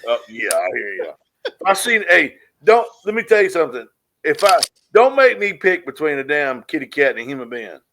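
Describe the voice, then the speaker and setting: A man's voice: a little high, sing-song, fairly quick, background noise. A man co-hosting a podcast, chatting casually in a blunt, emphatic way with plenty of swearing. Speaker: podcast co-host. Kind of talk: casual chat.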